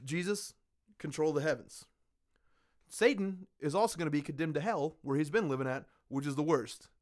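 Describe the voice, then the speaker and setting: A man hosting a podcast in casual chat, ranting with lots of swearing and animated storytelling. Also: on the high side, a little fast. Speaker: podcast host.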